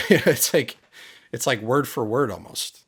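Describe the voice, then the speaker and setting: Hosting his channel with casual commentary, a man speaks emphatically and sounds aggrieved, repeating his points. His mid-range voice is slow with a breathy edge.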